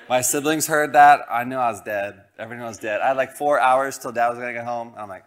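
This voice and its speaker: A man who grew up in Colorado, a pastor preaching a sermon through a lively, self-deprecating personal story, acting out the voices of the people in it. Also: mid-range voice, fast, hardly any pauses. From Colorado, United States. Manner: animated, self-deprecating, acts out quoted voices.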